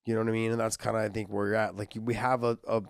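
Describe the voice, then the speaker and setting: A man co-hosts a casual fight podcast in a fairly low voice. He rambles, restarts his sentences and leans on "I mean". The sound is dry and close to the mic. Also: flat delivery, very fast, vocal fry, smooth, no room sound. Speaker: podcast co-host and fight commentator. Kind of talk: casual MMA chat.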